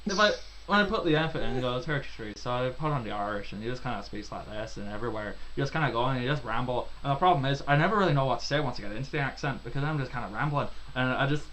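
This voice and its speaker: A man's voice: mid-range voice, expressive, rapid-fire, hardly any pauses, fairly bright tone, a little hiss or hum, poor audio. A man running a tabletop role-playing game as game master, rambling and joking at his own expense. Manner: rambling, self-deprecating, swears casually. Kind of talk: narrating a tabletop game, casual chat.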